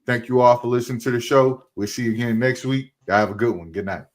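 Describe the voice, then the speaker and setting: A man hosting a casual sports podcast, loud and teasing, laughing often as he talks. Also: medium pitch, steady tone, quick pace, slight background noise. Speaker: podcast host.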